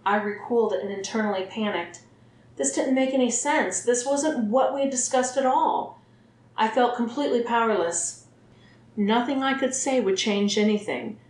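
A woman narrates a first-person story in a steady, even reading voice. Her pitch sits in the middle range, and the recording has a roomy echo around it.

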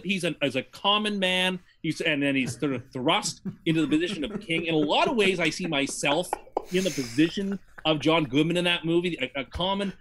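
A man's voice: high voice, background noise. A man co-hosting a podcast in casual chat, talking in a mock-grandiose, wordy way about himself. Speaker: podcast co-host.

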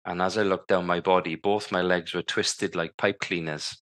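A man's voice: deep voice, steady tone, moderate pace, fairly bright tone. A man in his fifties, a podcast guest telling his story vividly and acting out the lines people said to him. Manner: vivid storyteller who acts out remembered dialogue. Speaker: guest, former Paralympic cycling champion.

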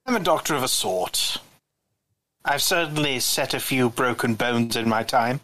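A man's voice: mid-range voice, normal speed, sharp tone, dry recording. Guy playing a tabletop rpg, wry dry jokes, humming while he thinks, dry mic. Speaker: player.

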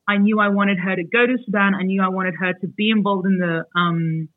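A woman's voice: mid-range voice, fairly quick, no room sound. A woman, an author chatting in an interview over a video call, with many fillers. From Australia. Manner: chatty, many fillers, animated when retelling. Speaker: author guest. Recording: tinny lo-fi video call audio.

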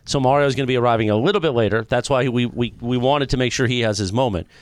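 A man hosting a radio talk show, announcing plans in lively casual banter. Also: mid-range voice, fast, dry recording. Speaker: show host and producer.

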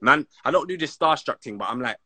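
A man's voice: medium pitch, quick pace, dry recording. A man with a London accent telling football stories in casual, slang-heavy, rambling chat as an interview guest. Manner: slang-heavy, rambling and animated, many restarts.

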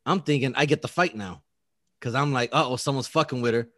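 A man's voice: medium pitch, fairly quick, sharp tone, no room sound, clean studio sound. A man casually telling a story, acting out quotes, laughing often and swearing.

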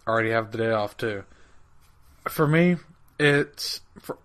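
A man's voice: lowish voice, lively intonation, unhurried, a bit bright. A man hosting a casual podcast, loose and swearing freely. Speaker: podcast host. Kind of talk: casual chat.

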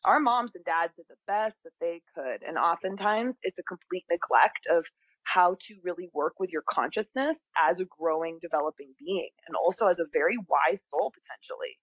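A woman speaking as a guest in an interview, expressive and lively, slipping into voices as she quotes others. Her voice comes through a slightly dull, lo-fi recording. The sound is dry and close, with no room echo. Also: fairly low pitch, moderate pace, husky. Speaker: spiritual teacher, podcast guest. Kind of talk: conversational interview.

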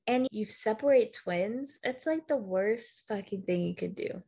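A woman's voice: mid-range voice, animated, measured pace, vocal fry, mellow, breathy edge. A woman co-hosting a podcast, chatting bluntly about a movie and swearing freely. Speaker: podcast co-host. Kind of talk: casual chat recapping a movie.

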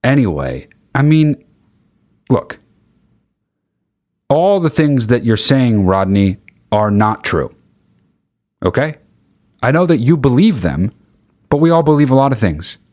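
A man's voice: mid-range voice, sing-song, a little slow, pauses often, darkish tone. Exasperated swearing male host. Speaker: podcast host. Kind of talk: casual profane rant.

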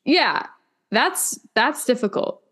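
Chatty young woman, slightly high. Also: expressive, takes it slowly, a bit bright. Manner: chatty, filler-heavy, emotional. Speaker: podcast co-host. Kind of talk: casual chat.

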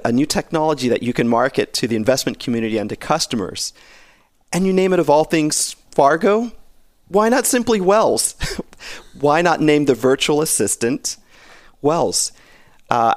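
A man's voice: medium pitch, dry recording, clean studio sound. A man giving his opinions as a podcast guest, wry and opinionated, with laughs in his talk. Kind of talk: casual podcast chat.

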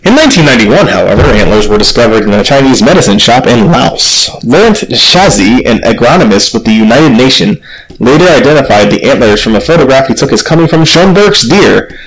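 A man's voice: mid-range voice, very animated, brisk, low-quality recording. A man hosting a podcast, reading animal facts from copy with casual joking asides and self-corrections. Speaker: podcast host.

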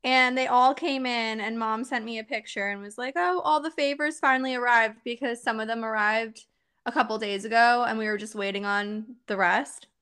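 A woman's voice: fairly high pitch, level tone, normal speed, fairly bright tone, smooth. A young woman co-hosting a podcast, telling a story in casual chat and laughing through it. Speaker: podcast co-host.

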